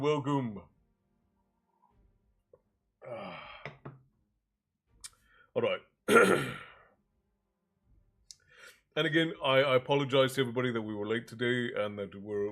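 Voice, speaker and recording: Stuffed up and short of breath, a medium-pitched male stream host and storyteller rambles through casual talk with his live chat. He greets viewers by name and keeps interrupting himself mid-phrase before settling into reading a fantasy novel aloud, soft music playing below.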